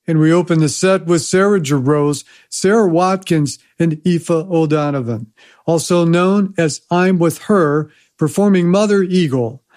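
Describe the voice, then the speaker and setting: A man hosting a folk music radio show, announcing songs and upcoming artists in a measured announcer delivery. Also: a little high, darkish tone.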